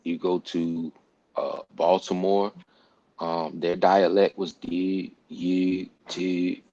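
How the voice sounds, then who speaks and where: A low-voiced man with a gravelly, creaky edge talks emphatically in a casual group discussion. He repeats words for stress and drops slang and profanity. The sound is dry and close, with no room echo. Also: little pitch movement, slow, mellow, dull audio. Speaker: podcast host.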